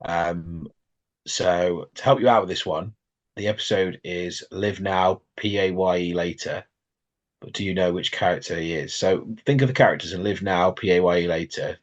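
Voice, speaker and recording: A man's voice: low-pitched, fairly even intonation, moderate pace, dull audio. A man co-hosting a podcast, casually running a quiz for his friend and calling him mate. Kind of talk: casual chat.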